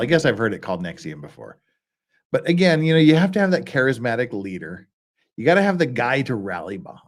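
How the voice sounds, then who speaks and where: A man hosting a casual live stream, rambling and joking with many restarts and asides. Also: mid-range voice. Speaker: streamer host. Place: lives in Korea.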